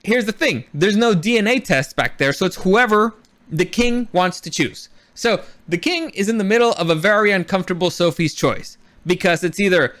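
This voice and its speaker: A man giving his casual opinions on a TV episode, animated and swearing, often acting out the characters' lines. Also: high-pitched, moderate pace. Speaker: show reviewer.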